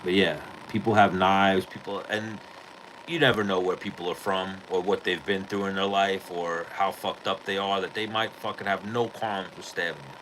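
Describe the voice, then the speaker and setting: A man's voice: sits low, fairly even intonation, normal speed, background noise. A male podcast host telling a rambling, profane story in casual chat.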